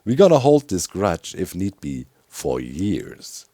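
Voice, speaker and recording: Tired German man with low voice. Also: big pitch swings, normal speed, dark tone, dry recording, clean studio sound. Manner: rambling, chuckling often, many fillers. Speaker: gaming YouTuber. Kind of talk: casual gaming commentary.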